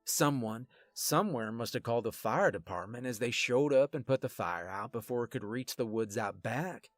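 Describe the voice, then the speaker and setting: A man telling a first-person story in a deadpan way, with wry asides to the listener. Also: medium pitch, moderate pace, no room sound, faint music behind.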